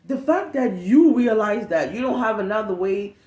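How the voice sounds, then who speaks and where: A young woman from West Africa telling a casual storytime rant as a vlogger, animated and profane, acting out what people said. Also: mid-range voice, normal speed, echoey room, lo-fi sound. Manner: animated, profane, emphatic, acts out quotes.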